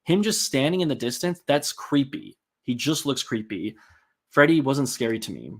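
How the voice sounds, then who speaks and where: A man's voice: mid-range voice, expressive, normal speed. A man hosting a casual live-stream, rambling and chatty with many ums and likes as he reads out and answers viewer comments.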